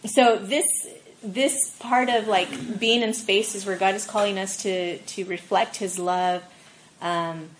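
A woman on a faith discussion panel, telling animated personal stories in a casual way. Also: mid-range voice, takes it slowly, a little hiss or hum, low-quality recording. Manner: animated storyteller, acts out quoted voices.

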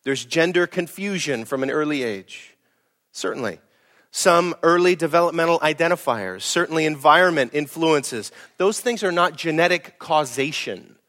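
Man preaching, slightly high voice, blunt, emphatic, loud then hushed. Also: expressive, moderate pace. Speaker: pastor. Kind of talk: sermon.

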